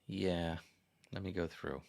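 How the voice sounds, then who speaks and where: A man's voice: low voice, steady tone, slow pace, gravelly, darkish tone. An American man hosting a casual livestream, chatting in a rambling way as he reads viewer comments and puts questions to the audience. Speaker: livestream host. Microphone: desk microphone.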